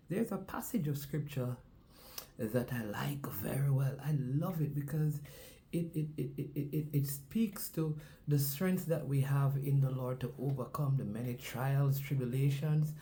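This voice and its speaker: Jamaican male sports host, warm mellow tone, preachy repetitive delivery. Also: medium pitch, moderate pace. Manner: preacher-like cadence, repeats phrases for emphasis. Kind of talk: casual sports commentary with a sermon-like opening.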